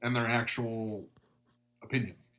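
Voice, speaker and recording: A man, a comedian guest on a podcast, talking in a laid-back, joking way with halting restarts. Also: medium pitch, fairly even intonation, fairly bright tone, a little hiss or hum. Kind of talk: casual podcast chat.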